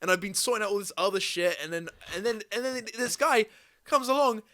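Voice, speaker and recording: A young man with a fairly high voice tells a story on a podcast. He talks in a loose, animated way, swears freely, and acts out the other people in the story. The tone stays casual. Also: a little fast. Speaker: podcast host. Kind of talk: casual chat.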